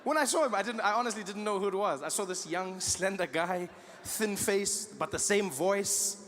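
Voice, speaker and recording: A man doing an animated stand-up comedy routine, acting out characters. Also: sits high, moderate pace. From South Africa. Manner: animated storytelling, acts out characters. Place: live comedy venue. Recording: reverberant live venue with noise.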